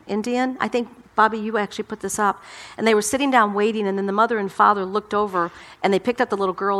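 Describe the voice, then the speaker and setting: A woman's voice: mid-range voice, a bit bright. A middle-aged woman pastor delivering a sermon, emphatic and impassioned, often repeating her words.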